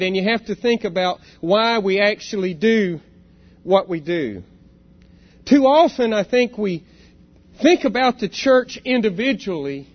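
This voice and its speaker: Earnest high-voiced man preaching. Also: dull audio. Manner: earnest, reflective, asks rhetorical questions. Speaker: church elder preaching. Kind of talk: sermon.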